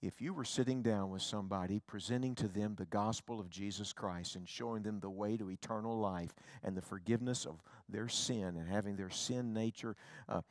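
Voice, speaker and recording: A middle-aged man, an evangelist, preaching a revival sermon that moves from hushed, tender storytelling to loud, rising appeals. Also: lowish voice, a little fast, no echo, studio quality.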